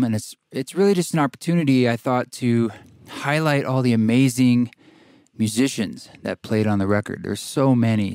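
A man from Oregon hosting a podcast, talking in a relaxed, rambling way with fillers, a bit out of breath. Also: medium pitch, clear, resonant tone, no echo, clean studio sound. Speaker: podcast host. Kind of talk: casual podcast intro and interview. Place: tiny house studio.

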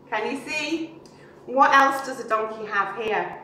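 A woman's voice: a little high, measured pace, pushed and bright, slight background noise. A woman showing young children how to make a paper donkey craft, chatty and playful, asking them questions as she works. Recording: very echoey and distant.

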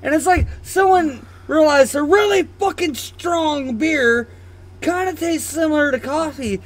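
A man's voice: very high-pitched, a little slow. A man co-hosting a casual beer-drinking chat, joking and swearing as he talks. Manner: profane, joking, breaks into mock voices. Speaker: podcast co-host.

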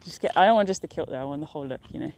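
A young woman streams live from a mountain summit, chatting loosely and cheerfully in a slightly low voice. She rambles from thought to thought and laughs often, recorded outdoors on a handheld phone. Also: animated, very fast, a little mellow, a little hiss or hum. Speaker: outdoor vlogger. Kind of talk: casual live-stream chat.

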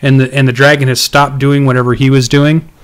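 A man's voice: mid-range voice, little pitch movement, fairly quick, clean tone. A man narrating as game master of a tabletop game, hesitant, with many ums and restarts.

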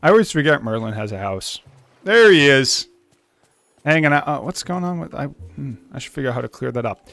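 Chatty gamer man, lively voice. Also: medium pitch, brisk, vocal fry, no room sound. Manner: chatty, talks to game characters as buddy. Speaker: let's play host. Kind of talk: casual gameplay commentary.

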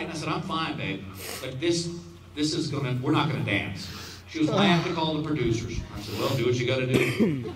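A man in his fifties doing stand-up, telling a long story in a folksy way and quietly acting out the other people's lines. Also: medium pitch, expressive, quick pace. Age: 50s. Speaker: stand-up comedian. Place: outdoor stadium stage. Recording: roomy, distant audience recording with crowd noise.

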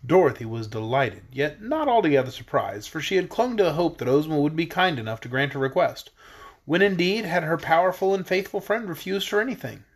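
A man's voice: on the high side, lively intonation, brisk, breathy edge. A man reading a storybook aloud, with occasional small slips and restarts. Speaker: storybook reader.

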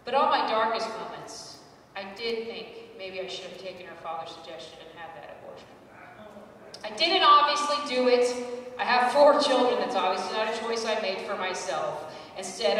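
A woman in her forties doing a stand-up set, telling wry, self-deprecating stories with loud acted asides. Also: mid-range voice, distant mic, slight background noise. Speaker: stand-up comedian. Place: live comedy stage. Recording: echoey hall, mic heard from afar.

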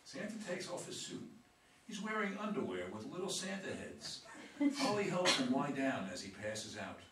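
A man's voice: mid-range voice, very animated, moderate pace, a loud crowd. A man reading the stage directions aloud for an amateur play, plainly, with occasional slips. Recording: very echoey room, distant mic, loud noise.

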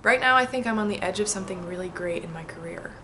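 A woman's voice: on the low side, quick pace, a little hiss or hum. Chatty young woman reading her old letter. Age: 20s. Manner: chatty, excitable, reflective, frequent laughs. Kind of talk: casual vlog, reading aloud and answering.

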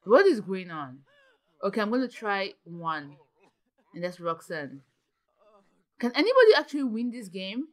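A young woman giving casual, excitable commentary while playing a video game, gasping and exclaiming often. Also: medium pitch, moderate pace, long pauses. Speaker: gaming channel host.

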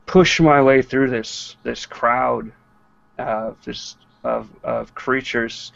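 Slow gravelly man, flat and solemn. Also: medium pitch, no echo. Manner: solemn first-person narration. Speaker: player. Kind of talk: in-character roleplay narration. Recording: dull lo-fi online audio.

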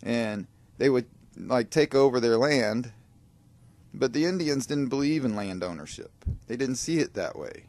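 A man narrating his own gameplay in a loose, rambling way, grumbling about the game and wandering into tangents. His voice sits at an ordinary middle pitch, and he keeps addressing his viewers directly. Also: animated, a little slow, a little mellow, no echo. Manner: digressive, grumbling, talks to viewers. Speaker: gaming video creator.

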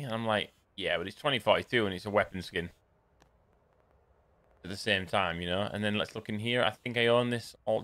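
A man's voice: lowish voice, a bit bright. A young man chatting casually and rambling with jokey asides while live-streaming a shooter game.

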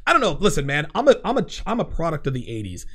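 A man in his forties hosting a live call-in show, talking in an animated, emphatic way and repeating his phrases. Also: a little high, racing, slightly rough. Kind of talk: casual call-in chat.

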